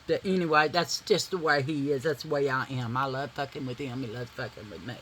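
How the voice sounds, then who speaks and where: A woman's voice: extremely low pitch, fairly quick, slight background noise, rough recording. A woman, chatting casually and swearing freely while doing her makeup at home. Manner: chatty, swears casually, addresses viewers as y'all. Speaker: vlogger.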